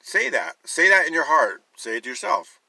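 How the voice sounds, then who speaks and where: A man's voice: fairly high pitch, very animated, moderate pace, vocal fry, pushed and bright, breathy edge, dry recording, rough recording. A man giving an emphatic sermon-style talk, urging listeners and piling up rhetorical questions, with a wry, sarcastic edge. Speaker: Christian teacher.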